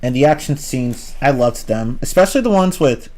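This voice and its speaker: A man's voice: medium pitch, animated, moderate pace, a little mellow. A young man rambling casually through a film review on a livestream, often restarting his sentences, swearing now and then and reacting to chat. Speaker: livestream host reviewing films.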